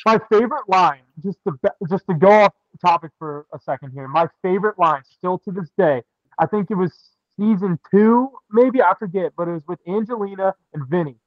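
A young man with a notably high voice chats on a podcast, jokey and animated. The sound is dull and lo-fi, with a very dry, close quality. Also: a little fast, no room sound. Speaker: podcast co-host. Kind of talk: casual chat.

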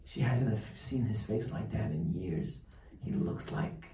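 A man preaches to a live group, telling a story with animated emphasis and playing out the dialogue. His voice is dark and mellow. He is heard from well back in a roomy, echoing space, with faint ambience underneath. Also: fairly low pitch, measured pace, creaky, distant mic, a little hiss or hum.

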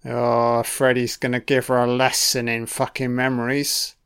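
Sweary film commentator. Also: male voice, medium pitch, monotone, unhurried, hardly any pauses, fairly bright tone, smooth. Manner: profane, sardonic running reactions. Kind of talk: casual audio commentary.

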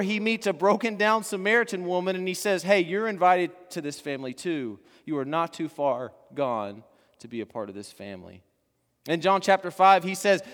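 A man preaching a sermon, building to fervent emphasis and then dropping to soft, hushed endings. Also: high voice. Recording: long hall reverb.

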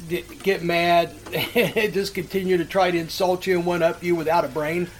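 Casting: high-pitched male co-host, profane storyteller, animated, slight background hiss. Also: moderate pace. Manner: crude, animated, acts out the people in his stories. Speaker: podcast co-host. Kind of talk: casual chat, storytelling.

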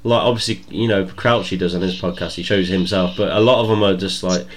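A man's voice: deep voice, steady tone, brisk, a little hiss or hum. A young man co-hosting a casual podcast over a video call, blunt and sweary in his banter. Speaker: podcast co-host. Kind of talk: casual chat.

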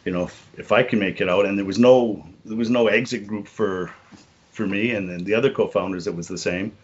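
A middle-aged man with a low, husky voice recounts his past as a podcast guest. He talks in an earnest, halting way, doubling back on words and filling gaps with "you know". The audio sounds slightly muffled and lo-fi. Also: fairly even intonation. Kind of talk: reflective personal storytelling.

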